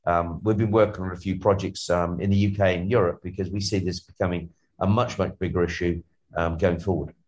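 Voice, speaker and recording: A man's voice: deep voice, fairly even intonation, brisk, darkish tone. A man co-hosting a podcast, chatting in a rambling, jokey way with lots of ums and restarts. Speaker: co-host. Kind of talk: casual podcast chat.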